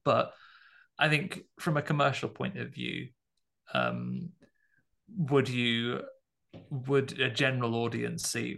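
A man with a gravelly, fry-touched voice talks through a film for a podcast. He is measured and thoughtful, weighing how general audiences will take it. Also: mid-range voice, fairly bright tone. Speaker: podcast co-host, film critic. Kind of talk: casual film review chat.

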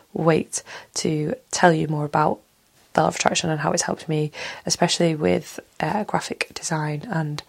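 A woman's voice: low voice, creaky. A woman in her thirties from Manchester with a Mancunian accent, hosting a casual solo podcast in a frank, rambling way that drifts from story to story. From Manchester, England. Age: 30s. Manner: outspoken, frank and swears casually. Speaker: podcast host.

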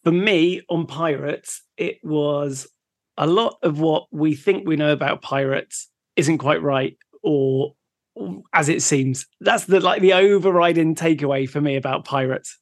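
Gravelly-voiced male podcast co-host. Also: on the high side, unhurried, no echo, studio quality. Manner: chatty, easygoing, laughs along. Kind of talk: casual chat.

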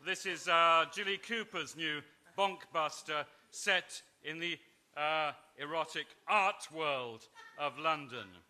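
A man, an author at a literary festival, reading comic parodies with dry, brisk, self-mocking asides and small hesitations. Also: a little high, pushed and bright. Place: festival stage before an audience.

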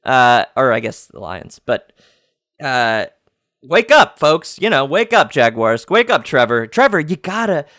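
A man's voice: mid-range voice, sing-song, measured pace, fairly bright tone, dry recording, studio quality. A man hosting a comedic sports-headline podcast, rambling and playfully clueless, with lots of fillers and restarts. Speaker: podcast host.

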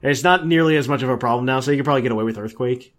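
Racing along in a mid-range voice, this podcast co-host keeps the chat casual. He's enthusiastic and rambling, with filler words all over the place.

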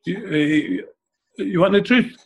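A man's voice: sits high, unhurried, vocal fry, a little hiss or hum. An older man with a Scottish accent, an interview guest telling anecdotes in a chatty way and ending phrases with a questioning "eh?". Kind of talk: anecdotal storytelling.

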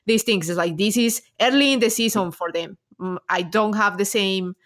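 A woman's voice: mid-range voice, moderate pace, a bit bright. Chatty woman with frequent fillers. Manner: chatty, laughs often, many fillers like "like". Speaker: podcast co-host. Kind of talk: casual chat.

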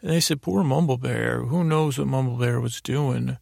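A man telling a meandering, improvised bedtime story in a halting way, full of restarts and repeated "I said". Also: mid-range voice, creaky, a little mellow, no room sound, studio quality. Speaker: sleep story narrator.

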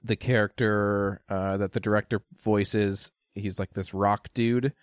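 A man casually reviewing a film with a friend, animated, laughing often and swearing. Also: fairly low pitch, a little slow, clear, resonant tone, no echo, clean studio sound. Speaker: podcast co-host. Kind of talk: casual movie review chat.

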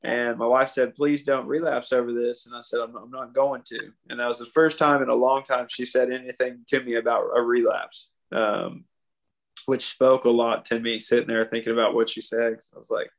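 A man's voice: mid-range voice, flat delivery, a little fast. A man in his thirties, speaking heartfelt and confessionally in a casual podcast conversation, often adding "man" and "you know.". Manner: heartfelt and confessional, with many restarts.

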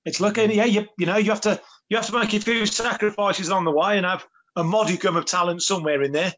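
A man with a fairly high voice talks quickly as a guest. He rambles cheerfully, restarting his sentences and padding them with fillers. It all sounds like a loose, casual call. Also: fairly even intonation, a bit bright. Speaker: guest, former footballer. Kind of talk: casual chat.

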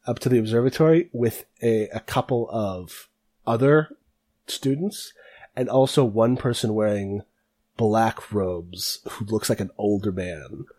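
Husky-voiced man running a tabletop game. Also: fairly low pitch, a little slow, darkish tone. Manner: casual, laughing often, hesitant fillers. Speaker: game master.

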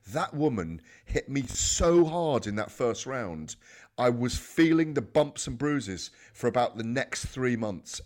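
A man co-hosting a sports radio show, chatting animatedly about fights and telling stories. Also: mid-range voice. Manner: animated, storytelling, emphatic. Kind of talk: casual sports chat.

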